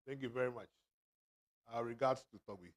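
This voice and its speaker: A man's voice: mid-range voice, steady tone, brisk. Jovial man auctioneering. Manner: jovial, teasing, bursts of laughter. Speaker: auctioneer at a book launch. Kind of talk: lively fundraising banter. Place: event hall.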